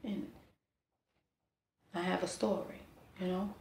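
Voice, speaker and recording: A woman's voice: on the low side, level tone, slow, vocal fry, roomy sound, noisy background. A woman in her forties telling a personal testimony in a candid, earnest way, full of "you know" and "like". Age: 40s. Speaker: interviewee sharing a personal testimony. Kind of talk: emotional personal storytelling.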